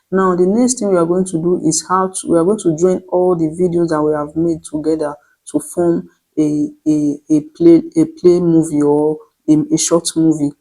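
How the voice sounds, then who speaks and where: A tutorial host giving step-by-step instructions in a voice-over, with frequent restarts and slow dictation of prompts. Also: mid-range voice, warm tone, low-quality recording. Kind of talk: screen-recorded tutorial voice-over.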